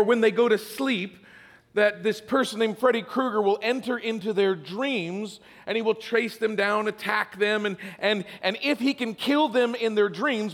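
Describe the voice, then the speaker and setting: A middle-aged man preaching in a church sanctuary, and his voice sits high for a man. He tells stories with self-deprecating humor and repeats himself as he builds a point. A long reverb trails off each phrase. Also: fairly bright tone. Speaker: pastor. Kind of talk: sermon. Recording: hall reverb.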